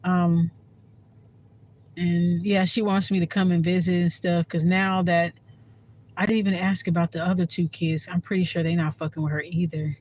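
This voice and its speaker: A man's voice: high-pitched, flat delivery, moderate pace, darkish tone, slight background noise, poor audio. A man from the Washington DC area talking to camera as a spiritual vlogger, candid and rambling, swearing freely and using lots of fillers. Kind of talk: casual monologue to camera.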